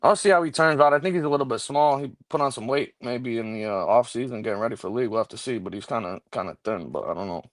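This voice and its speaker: A man's voice: mid-range voice, quick pace, hardly any pauses, no echo. A man hosting a late-night show, talking loosely and profanely about sports in casual chat. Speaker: show host.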